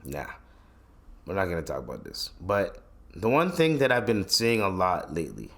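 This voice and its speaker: A man's voice: low-pitched, huge pitch swings, normal speed, a bit bright. A man hosting his own podcast, ranting bluntly with heavy swearing and slang, often restarting his sentences. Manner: profane, blunt, heated opinion talk; rambling with frequent restarts and slang. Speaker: podcast host. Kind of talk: solo podcast rant.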